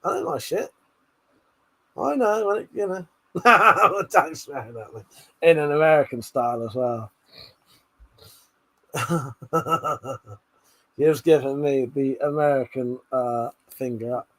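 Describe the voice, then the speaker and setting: Husky British man bantering with a live chat. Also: mid-range voice, takes it slowly, pauses often, fairly bright tone. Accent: British English. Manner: laughs often, swears, banters and teases the chat. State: tipsy. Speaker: livestream host. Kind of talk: casual live-stream chat reading viewer comments.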